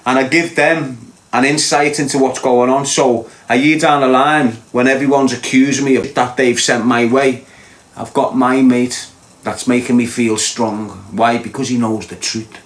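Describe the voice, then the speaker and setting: A man's voice: medium pitch, fairly even intonation, moderate pace, roomy sound. A man with a Liverpool accent telling a heated, insistent story as a podcast host. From Liverpool, England. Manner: ranting, fired-up, insistent.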